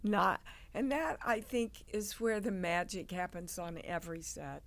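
Older actress chatting on a podcast, slow talker, bit of fry in her voice, acts out quotes. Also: fairly low pitch, fairly bright tone. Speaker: guest actress. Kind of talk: casual interview storytelling.

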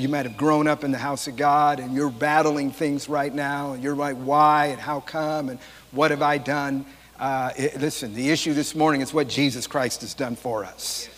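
A man's voice: mid-range voice, in a large hall. A pastor leading his congregation in a fervent, commanding prayer. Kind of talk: sermon and prayer. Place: church sanctuary.

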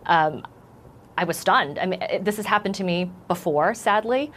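Woman, shaken, halting, low voice, faint background noise. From United States. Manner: earnest, halting with repeated starts. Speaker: news correspondent. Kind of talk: TV news interview.

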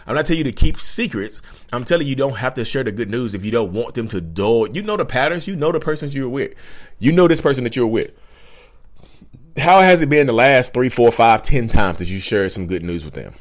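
A man hosting a casual advice vlog, talking straight to viewers, animated and repetitive. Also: medium pitch. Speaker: channel host.

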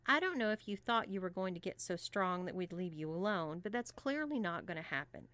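A woman voicing a sporty young college woman who speaks in a brisk, matter-of-fact way. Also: lowish voice, expressive, a bit bright.

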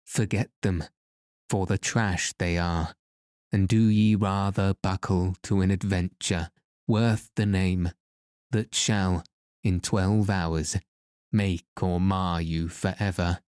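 A man's voice: sits low, fairly even intonation, slow pace, a little mellow, clear, resonant tone, no room sound, studio quality. A man reading aloud as a bold young captive who coaxes his captors in old-fashioned speech. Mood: persuasive. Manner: archaic, coaxing speech.

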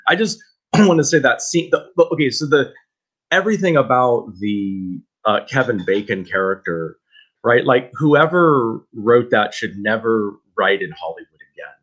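Male podcast co-host, raspy edge, cutting ranty delivery. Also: medium pitch, animated, moderate pace, a bit bright, lo-fi sound. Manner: emphatic, scathing and ranting. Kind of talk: film discussion podcast.

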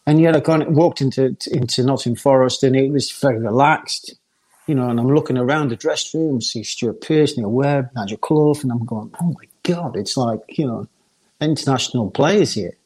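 An older man, telling a lively football anecdote and often laughing. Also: mid-range voice, normal speed, slightly rough. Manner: laughs often, lively storyteller acting out others. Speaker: former footballer guest.

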